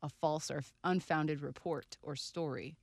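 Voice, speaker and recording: A woman's voice: deep voice, steady tone, unhurried, dry recording, studio quality. A woman co-hosting a podcast, bantering playfully and swearing freely in casual chat. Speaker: podcast co-host.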